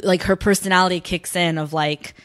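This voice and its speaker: A young woman co-hosts a casual podcast, recapping a TV episode in a fairly quick, slightly bright voice with fairly even intonation. She's chatty and peppers her talk with "like," acting out the characters' lines in a higher voice.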